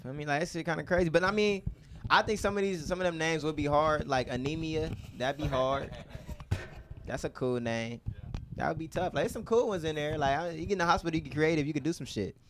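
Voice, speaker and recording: A man's voice: on the high side, a little fast, fairly bright tone, a little hiss or hum. A man hosting an open mic, doing loose, slangy stand-up banter and laughing between bits. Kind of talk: stand-up comedy, casual slang. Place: small comedy club stage.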